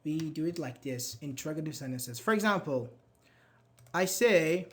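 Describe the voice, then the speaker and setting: A man's voice: on the high side, animated, moderate pace, fairly bright tone. A man teaching a live online English grammar class, patiently reading out students' chat answers and praising them.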